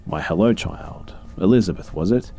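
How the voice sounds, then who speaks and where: A man's voice: sits low, expressive, moderate pace, vocal fry, warm tone, full character voice. A man voicing a coldly polite professor who speaks with patronizing, courteous menace. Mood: smooth, menacing. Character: coldly polite male professor experimenting on a captive.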